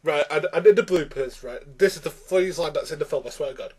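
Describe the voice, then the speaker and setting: A man's voice: fairly high pitch, fast, darkish tone, breathy edge. A man ranting through a film review, exasperated and rambling with many restarts.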